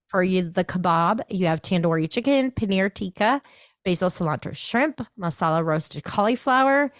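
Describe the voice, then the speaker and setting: A woman with a fairly low voice hosts a casual podcast chat. She reads menu items aloud in a chatty way. The sound is dry, with no echo. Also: expressive, normal speed. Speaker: podcast host.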